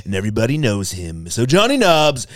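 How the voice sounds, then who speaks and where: A man's voice: medium pitch, huge pitch swings, a little fast, no echo, studio quality. A man doing an impression of a boastful male politician who brags, repeats superlatives and calls the listeners "folks". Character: boastful blustery male politician, loud showman. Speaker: impression in a comedy bit.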